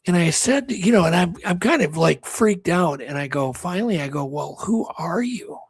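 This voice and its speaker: A man's voice: high-pitched, lively intonation, moderate pace, slightly rough, dry recording. A man co-hosting a talk show, rambling through a story with many restarts and acted-out quotes. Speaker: co-host. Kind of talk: casual storytelling chat.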